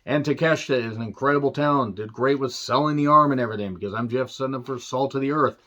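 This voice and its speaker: A man's voice: mid-range voice, quick pace, sharp tone, highs cut off. Tired man rambling through a review. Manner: rambling, frequent throat-clearing and fillers, wry asides. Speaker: wrestling show reviewer. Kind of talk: casual solo review recap.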